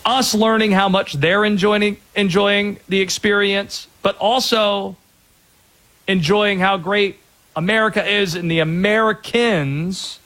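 A man hosting a sports talk radio show with an energetic, joking, riffing manner. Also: high voice.

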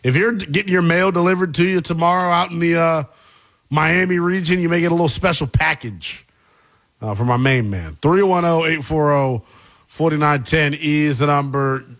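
A man's voice: a little high, normal speed, a bit bright. A man hosting a sports talk radio show in a laid-back, playful and slangy way. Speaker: radio host.

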